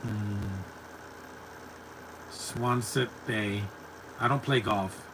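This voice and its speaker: A man's voice: lowish voice, fairly even intonation, extremely slow, background noise. A man giving casual live commentary over a movie, rambling and stumbling over repeated words.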